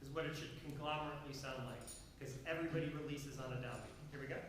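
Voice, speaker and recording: A man's voice: medium pitch, fairly even intonation, quick pace, a bit bright. A man directing a concert band in rehearsal, singing the rhythms on syllables and counting off bars. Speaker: band conductor. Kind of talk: rehearsal instruction. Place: large rehearsal room. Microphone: distant room recording. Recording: very echoey hall, distant, noisy.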